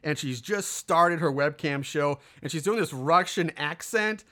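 An unhurried man with a fairly high pitch and a sharp tone recaps a film's plot on a podcast. His delivery is rambling and full of fillers, and he acts out what the characters say.

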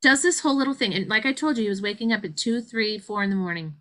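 Animated, bright-voiced woman telling a story. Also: fast talker, low-quality recording. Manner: animated, acts out quotes with big pitch jumps. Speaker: guest. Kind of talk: conversational storytelling.

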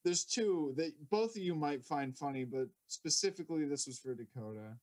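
A man's voice: fairly high pitch, expressive, moderate pace, a little mellow. A young man co-hosting a podcast, joking crudely and swearing in casual banter. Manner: joking, swearing, laughing often. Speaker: podcast co-host.

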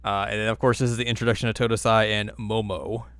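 A man co-hosting a casual podcast, playfully recapping an anime episode and slipping into quick silly character voices. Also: fairly low pitch, little pitch movement, a bit bright, clear, resonant tone, dry recording. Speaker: podcast co-host.

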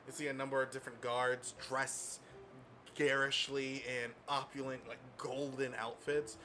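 A man's voice: mid-range voice, level tone, measured pace, sharp tone, a little hiss or hum. A man narrating as game master in a tabletop game, describing scenes casually with many fillers.

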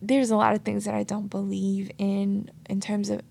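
Female podcast host, casual and heartfelt storyteller, voice rough with fry and a bit breathy. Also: medium pitch, completely flat delivery, moderate pace, dark tone. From United States. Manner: casual, earnest, storytelling with many "like" and "you know". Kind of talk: reflective solo podcast talk. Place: New York City.

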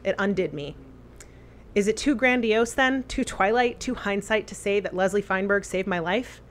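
A woman's voice: mid-range voice, a bit bright. Woman reading a heartfelt tribute aloud. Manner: earnest, deliberate phrasing. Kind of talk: reading a memorial letter aloud.

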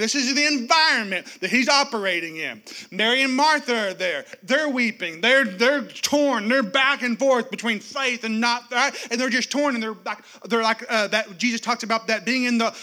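A male pastor preaching a sermon, animated and joking, swinging between loud and hushed. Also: very high-pitched. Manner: joking, speaks straight to the congregation.

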